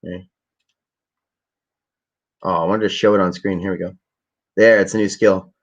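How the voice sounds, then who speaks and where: A man's voice: deep voice, steady tone, moderate pace, dull audio. A man telling a rambling, profane story in a laid-back, casual way to a livestream audience. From Canada. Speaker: vlogger.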